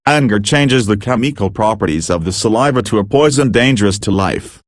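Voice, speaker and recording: A man reading a book aloud in measured, earnest scripted narration. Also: fairly low pitch, lively intonation, no room sound, clean studio sound. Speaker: audiobook reader.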